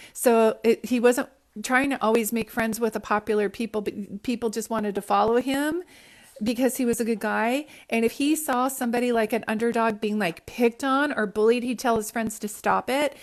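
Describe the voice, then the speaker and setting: A woman's voice: fairly high pitch, fairly even intonation, moderate pace. A woman giving a live-streamed psychic reading, talking in a chatty way, often close to tears and keeping on checking in with her listeners. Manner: emotional, near tears at times. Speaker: psychic medium. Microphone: phone livestream.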